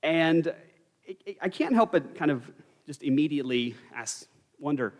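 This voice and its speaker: A man's voice: on the high side, animated, normal speed. Wry man teaching in a reverberant church hall. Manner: conversational, wry asides and humor. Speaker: Bible study teacher. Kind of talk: Bible study teaching. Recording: church live stream with long hall reverb.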